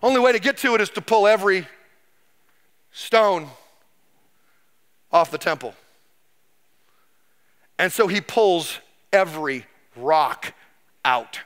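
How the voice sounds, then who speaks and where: Pastor guy preaching, high bright voice, acts out all the characters, really animated. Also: clear, resonant tone. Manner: animated storyteller, acts out quoted people. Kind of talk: sermon.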